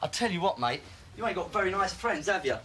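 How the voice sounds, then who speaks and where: A barking robber. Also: male voice, high voice, animated, fast, bright, forceful tone, slight background noise. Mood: menacing. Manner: barking orders, sneering. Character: menacing male robber, thuggish and mocking. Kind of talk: TV crime reconstruction acting.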